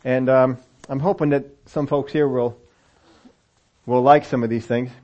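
A man's voice: medium pitch, steady tone, unhurried, a little mellow, dull audio. A man preaching a sermon in a conversational way, acting out the voices of the story's people for a congregation with children present. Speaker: pastor. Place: church sanctuary with children present.

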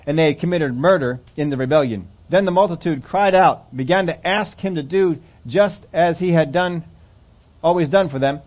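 Guy preaching, kinda high voice, earnest, goes off on tangents, dull lo-fi church recording. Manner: earnest preaching, reads scripture aloud, rambling asides. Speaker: pastor. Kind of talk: sermon.

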